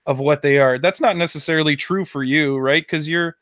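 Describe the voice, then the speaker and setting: A man's voice: on the high side, brisk, a bit bright, no room sound, studio quality. A man co-hosting a podcast, talking in a laid-back, casual way. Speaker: podcast co-host. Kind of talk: casual chat.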